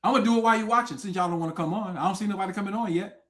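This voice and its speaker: A high-voiced man hosts a livestream from a desk mic. He rants in a loud, profane and taunting way, jumping from shouts to low mutters and daring viewers to come on and debate him. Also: very fast. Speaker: livestream host. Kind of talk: confrontational livestream rant.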